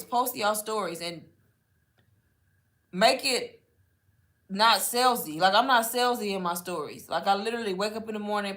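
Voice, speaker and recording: A woman's voice: mid-range voice, fairly bright tone. A woman teaching in a casual live Q&A, chatty and instructive, often addressing the listeners as y'all. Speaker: online marketing coach.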